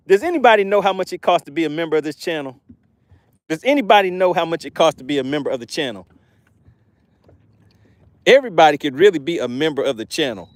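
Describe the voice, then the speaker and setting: A man with a fairly high voice hosts a fishing live stream while out fishing. He reads the chat aloud and bursts into frequent excited exclamations in a chatty, promotional manner. The recording is dry and close, with no room sound. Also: dry recording. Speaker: fishing livestream host.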